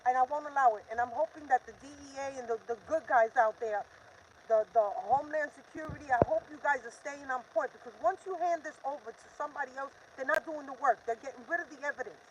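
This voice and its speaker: A woman's voice: high-pitched, fast talker, slight background noise, rough recording. Urgent, defiant older woman ranting. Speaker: livestream host. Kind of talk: impassioned live-stream rant.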